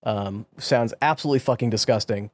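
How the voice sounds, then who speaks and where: A man's voice: medium pitch, a little fast. A young man co-hosting a casual podcast, giving blunt, profane opinions. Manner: blunt, swears freely. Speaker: podcast co-host. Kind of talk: casual chat.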